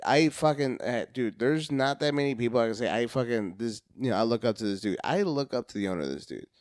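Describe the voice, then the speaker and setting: A man's voice: mid-range voice, animated, quick pace, no echo, studio quality. A man on a podcast, a comedian chatting casually, hyperactive, cursing a lot and acting out phone calls in different voices.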